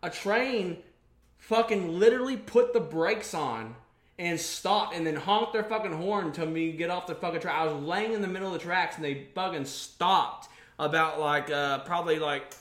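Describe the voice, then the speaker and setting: A man's voice: on the high side, normal speed, fairly bright tone. A young man chatting casually on a podcast, telling stories in a profane, rambling way full of restarts. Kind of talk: casual chat. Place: studio under bright lights. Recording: roomy echo.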